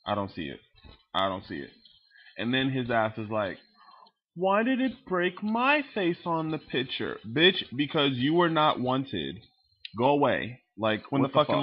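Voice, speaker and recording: Here a male vlogger with a mid-range, slightly rough voice speaks over dull audio. Casually ranting to his webcam about film scenes, he curses often, gets animated, and mimics the characters.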